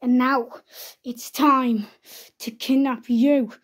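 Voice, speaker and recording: A woman's voice: high-pitched, fairly even intonation, slow. A woman voicing a scheming male hedgehog villain in a homemade toy-figure play video, taunting and gleeful. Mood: gloating.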